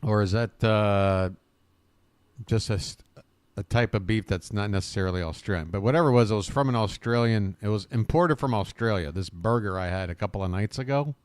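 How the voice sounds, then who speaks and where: A man's voice: on the low side, brisk, clean tone, dry recording. Chatty American man hosting a live stream. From United States. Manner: rambling, chatty, talks to the chat by name, swears casually. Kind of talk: casual chat with live viewers. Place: home abroad, living in Bangkok.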